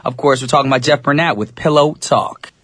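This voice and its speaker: A young man hosting a radio show in a studio, chatting casually and talking straight to his listeners, his voice a little raspy. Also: medium pitch, a little fast, a bit bright. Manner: easygoing, chatty, addresses listeners directly. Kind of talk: English-language radio DJ chat.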